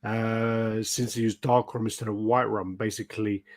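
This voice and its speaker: The British podcaster's voice is lowish and level, at a moderate pace with no echo. He chats casually, telling stories, cursing and acting out what people said.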